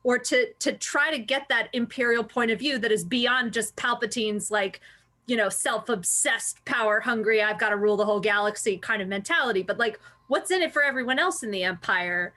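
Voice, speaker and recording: Female co-host, high and bright, eager and analytical, quick to laugh. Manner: enthusiastic and analytical, laughs often. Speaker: podcast co-host. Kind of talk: casual review discussion.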